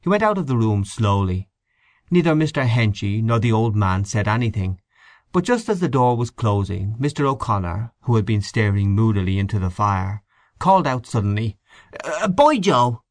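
A man narrating a short story as an audiobook, in a measured, expressive manner. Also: fairly low pitch, dry recording.

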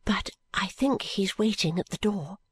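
A woman's voice: mid-range voice, a little slow, husky, no room sound. A woman reading as a bashful young girl in love. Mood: tender. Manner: soft and bashful, often whispery.

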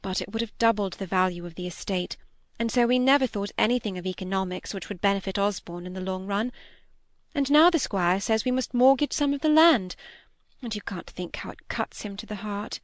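A woman voicing a gentle, anxious older lady who is ill, speaking softly and unhurriedly in a storybook reading. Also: medium pitch, fairly quick, dry recording, clean studio sound, lightly acted. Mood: fretful.

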